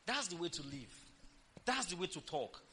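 Animated preacher man, bright high voice. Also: moderate pace, a little hiss or hum. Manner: animated, swings from low asides to shouted declarations; leads congregation in call-and-response declarations. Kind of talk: sermon.

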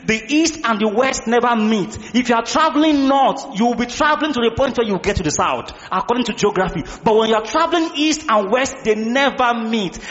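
A male pastor, preaching an impassioned sermon and often shouting to the congregation. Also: extremely high pitch, long reverb tail, lo-fi sound.

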